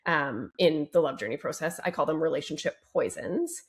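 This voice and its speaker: A woman relationship coach speaking as a guest on a podcast interview, upbeat and expressive. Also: low-pitched, moderate pace, a little hiss or hum. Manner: upbeat and expressive, fond of gentle emphasis.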